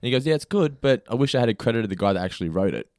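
A man's voice: on the low side, rapid-fire, no room sound, studio quality. Young man telling podcast anecdotes. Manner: relaxed anecdote-teller, laughs along. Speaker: podcast co-host. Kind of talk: casual chat.

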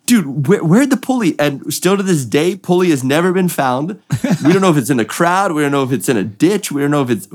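A young man, a drift racing driver, telling a story with excitement and acting out the voices of the people in it. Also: on the high side, fairly quick. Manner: excited, acts out voices in quotes. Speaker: drift driver, podcast guest. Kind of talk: animated storytelling.

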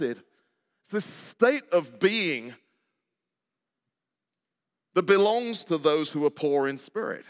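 An older man preaches a sermon in a church, his voice pitched a little above the usual. He keeps it conversational, putting questions to the congregation and cracking jokes. A long hall reverb trails after his words. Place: church sanctuary.

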